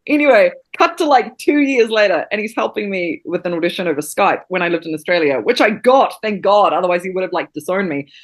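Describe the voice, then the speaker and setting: A woman from New Zealand, an acting teacher, telling stories in a casual interview, animated and swearing freely. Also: medium pitch, quick pace, few pauses.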